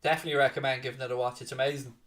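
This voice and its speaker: Man, football watchalong host, chatty, loud excited outbursts, mid pitch, slightly off-mic. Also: rapid-fire, far from the mic. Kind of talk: casual live match commentary.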